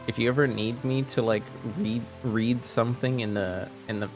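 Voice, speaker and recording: A young man with a French Canadian accent, chatting casually with his stream viewers, hesitant and soft-spoken with many restarts, faint music behind. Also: medium pitch, steady tone, moderate pace. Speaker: livestream host. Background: faint background music.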